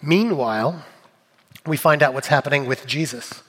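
A man preaching a sermon, telling funny stories with lively delivery and dropping to quiet, serious asides. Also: on the high side, moderate pace, slightly rough, long reverb tail. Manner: animated, jokey storyteller, shifting between loud bits and quiet asides. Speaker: pastor. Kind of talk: sermon with comic storytelling.

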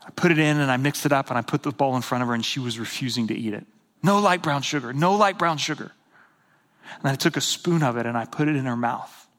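Bright-voiced male pastor preaching. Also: mid-range voice, very fast. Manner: animated storytelling, drops to soft whispers for tender moments. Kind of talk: sermon.

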